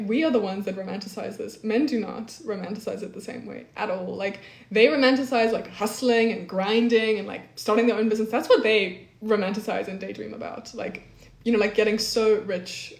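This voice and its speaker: Casting: young woman, slightly high voice, chatty live-stream host in an echoey room. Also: a little mellow. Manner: chatty, peppers speech with "like", reads chat aloud. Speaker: livestream host. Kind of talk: casual live-stream chat.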